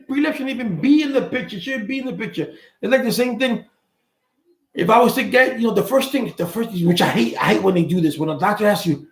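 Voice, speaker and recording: A man's voice: high voice, creaky, roomy sound, poor audio. A man hosting a live call-in chat, talking bluntly, swearing freely and repeating words as he thinks. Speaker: host.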